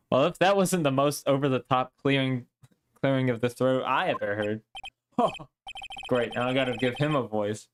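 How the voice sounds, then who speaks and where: A man's voice: mid-range voice, a little slow, a little hiss or hum. A man streaming a game live, mocking himself with light chuckles between reading lines. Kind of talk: live gameplay commentary.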